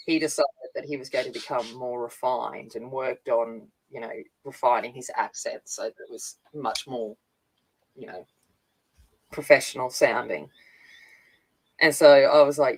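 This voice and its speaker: An Australian co-host from a country town has a husky bass voice and speaks in halting, restarting bursts, laughing frequently during a casual livestream chat. The recording quality is rough.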